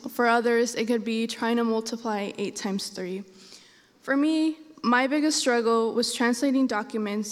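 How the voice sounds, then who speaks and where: A young woman, a first-year student whose first language is Spanish, telling a personal story on stage in an auditorium. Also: on the high side. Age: young adult. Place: large auditorium. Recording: long hall reverb.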